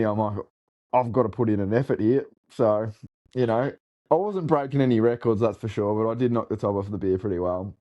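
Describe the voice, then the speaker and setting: A man's voice: fairly low pitch, warm tone. A young Australian man telling a rambling party story in casual chat, laughing and swearing a lot. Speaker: co-host telling a road-trip story.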